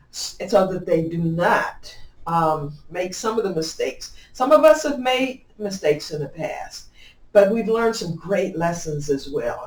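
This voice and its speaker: A middle-aged woman from Illinois answering interview questions as a county clerk, emphatic and upbeat, often restarting her sentences. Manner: emphatic and upbeat, with lively swings in pitch and loudness and frequent restarts. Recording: echoey room, mic at a distance.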